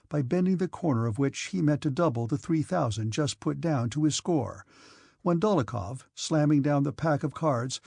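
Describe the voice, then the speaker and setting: A man reading a classic novel aloud as an audiobook narrator, in a measured way with a husky, gravelly voice. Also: fairly high pitch, darkish tone, dry recording, studio quality.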